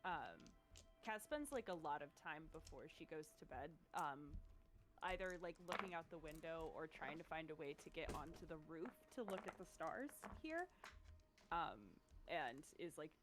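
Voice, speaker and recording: Low-voiced woman player, full of "um"s. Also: lively intonation, normal speed, fairly bright tone, faint music behind. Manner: hesitant, lots of "um" and "like". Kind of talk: casual tabletop play.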